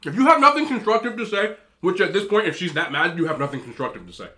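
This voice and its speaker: A man in his thirties eating on camera, giving emphatic, animated relationship advice to other men and telling stories in a casual chat. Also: high-pitched, quick pace, a little hiss or hum. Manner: storytelling with repeated disapproving hums. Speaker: mukbang vlogger.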